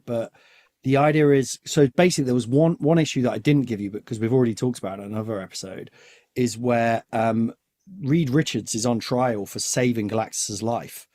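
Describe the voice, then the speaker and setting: A man's voice: mid-range voice, darkish tone. A man hosts a podcast in easy, rambling chat. He jokes as he goes, with a voice sitting in the middle of the male range. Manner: rambling, chatty and joking. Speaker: podcast host. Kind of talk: casual chat.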